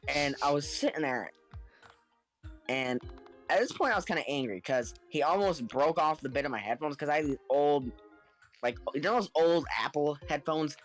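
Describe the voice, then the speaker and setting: A man telling a story in casual podcast chat, animated and acting out the people in it, laughing now and then. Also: fairly high pitch, moderate pace, soft background music. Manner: animated, acts out the other people in his story; laughs between lines.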